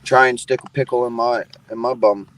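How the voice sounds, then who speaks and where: A man's voice: mid-range voice, fairly even intonation, brisk, rough recording. Rambling man full of fillers and crude jokes. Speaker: live stream panel guest. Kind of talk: casual chat.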